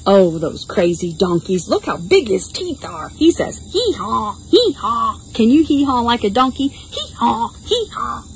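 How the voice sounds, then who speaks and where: Lively sing-song librarian woman reading to toddlers. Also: medium pitch, moderate pace, few pauses, a little hiss or hum, low-quality recording. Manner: sing-song, coaxing, mimics animal sounds. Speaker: children's librarian. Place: outdoors.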